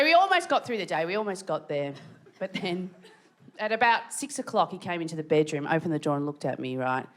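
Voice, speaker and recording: A woman's voice: fairly low pitch, expressive, fast, noisy background. A woman with an Australian accent telling stand-up stories, breaking into shrieked acted-out quotes. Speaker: stand-up comedian. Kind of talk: stand-up comedy set. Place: large theatre stage. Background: audience laughter.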